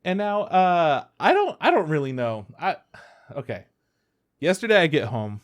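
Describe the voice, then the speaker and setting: Animated young man telling work stories. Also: on the high side, normal speed. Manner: animated storyteller, acts out quotes, swears freely. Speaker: podcast co-host. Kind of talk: casual chat.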